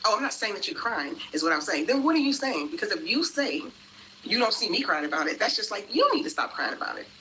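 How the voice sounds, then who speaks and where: A woman's voice: mid-range voice, big pitch swings, quick pace, sharp tone, a little hiss or hum. A woman telling the story of a refund dispute in an indignant way, acting out both sides of the phone call. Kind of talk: storytelling vlog.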